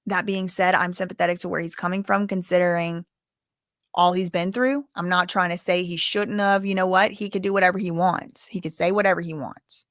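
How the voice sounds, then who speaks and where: A woman's voice: on the low side, steady tone, fairly quick, fairly bright tone, dry recording, studio quality. A woman hosting a live-stream legal commentary, talking in a conversational, explanatory way with fillers and restarts. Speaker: legal commentary channel host.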